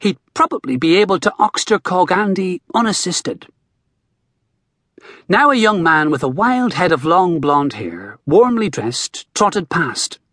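A male audiobook narrator, reading with expressive storytelling. His slightly husky voice moves animatedly through its pitch, and the recording is dry and close. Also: a little slow, no echo. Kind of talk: scripted narration.

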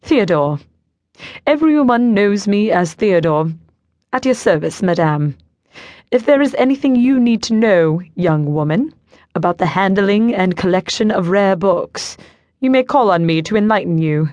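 Audiobook figure: read by a woman, a condescending British-accented book snob, slow and precise. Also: medium pitch, expressive, a little mellow, no echo, muffled recording, close to an everyday voice. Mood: haughty. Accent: British, put on. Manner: pompous, enunciating each word carefully. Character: snooty thin male rare-book collector.

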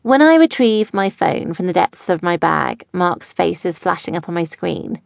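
A woman's voice: lowish voice, animated, moderate pace, creaky, dry recording, studio quality. A woman narrating a first-person audiobook in a wry, chatty way. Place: studio.

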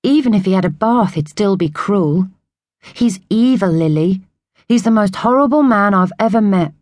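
A woman's voice: medium pitch, animated, moderate pace, darkish tone, no room sound, clean studio sound, close to an everyday voice. A woman doing an earnest young orphan boy. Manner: earnest, confiding.

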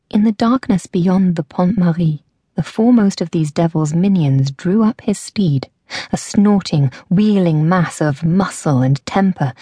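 A woman narrating an audiobook in a measured, dramatic storytelling manner. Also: on the low side, mellow, slightly rough, no echo.

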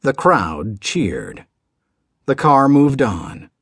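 A man narrating an audiobook in a measured, dramatic storytelling delivery. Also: medium pitch, huge pitch swings, creaky, fairly bright tone, breathy edge, no echo, studio quality.

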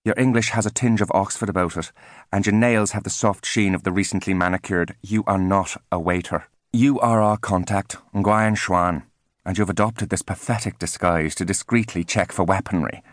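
A man voicing a cold, condescending twelve-year-old genius in an audiobook, speaking crisply and precisely with cool superiority. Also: sits low, normal speed, dry recording, clean studio sound, close to an everyday voice. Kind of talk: audiobook character voice.

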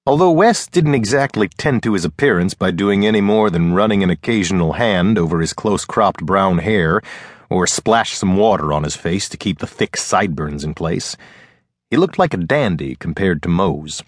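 A man narrating an audiobook in a steady, measured storytelling manner. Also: low-pitched, dry recording, studio quality. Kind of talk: scripted narration.

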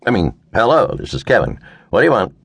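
Man voicing a police lieutenant, curt, annoyed, gravelly, dry. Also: fairly low pitch, wildly swooping pitch, quick pace, a bit bright, dry recording, heavily acted.

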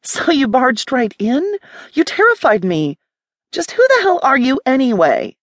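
A woman's voice: high-pitched, wildly swooping pitch, measured pace, no echo, voice pushed up, exaggerated voice. A woman narrator voicing a prickly, defensive young woman artist in an audiobook, snapping back with sarcasm. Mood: snappy, sarcastic. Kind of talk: audiobook character voice.

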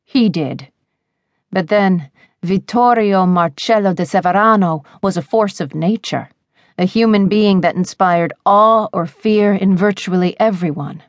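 A woman narrating a romance audiobook in a measured, expressive reading on a close studio mic. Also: mid-range voice, dry recording.

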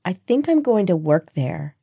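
A woman voicing a young heroine who speaks softly and with contented sighs in an audiobook. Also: on the low side, big pitch swings, unhurried, creaky, breathy edge, no room sound, full character voice. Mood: dreamy. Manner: soft, sighing, contented.

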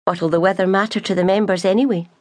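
A woman's voice: medium pitch, steady tone, quick pace, dry recording, close to an everyday voice. A woman voicing a thoughtful, restless young female maid. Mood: teasing.

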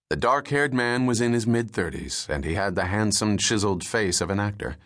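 A male audiobook narrator reading a thriller. His voice is fairly low, and he delivers the story in a measured, steady way. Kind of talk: scripted narration.

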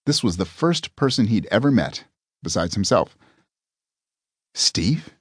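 A man's voice: on the low side, very animated, normal speed, a little mellow, breathy edge, no echo. A man narrating a comic audiobook with a dry, wry delivery.

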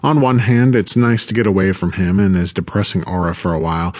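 A man narrating a first-person audiobook story in a low-key, subdued way. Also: fairly even intonation, a little fast, darkish tone.

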